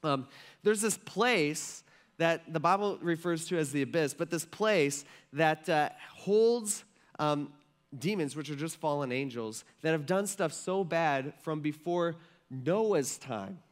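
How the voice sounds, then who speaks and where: A man preaching a sermon in a relaxed, rambling way, full of fillers and shifts between loud emphasis and quiet asides. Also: on the high side, slow. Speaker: pastor. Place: church sanctuary.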